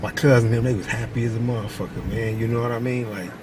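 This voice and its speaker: A middle-aged man from Long Beach telling a casual story outdoors. He is animated and acts out the people he quotes. Faint street and traffic noise sits behind his voice. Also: fast. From Long Beach, California. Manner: animated storyteller, acts out quotes in a high voice, repeats "you know what I mean". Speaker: vlogger. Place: outdoors by a basketball court, moving in traffic.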